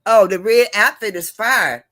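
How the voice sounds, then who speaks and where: A woman hosts a casual live stream in a bright, forceful voice. She chats loosely with her viewers, greets them by name and circles back to repeat herself. Her pitch sits in a middle range for a woman. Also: a little slow. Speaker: livestream host.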